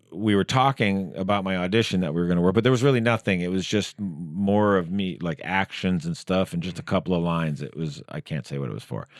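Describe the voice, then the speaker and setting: A man's voice: sits low, no echo. A man hosting a podcast in a studio, telling a story in casual chat and reading text messages aloud. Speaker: podcast host.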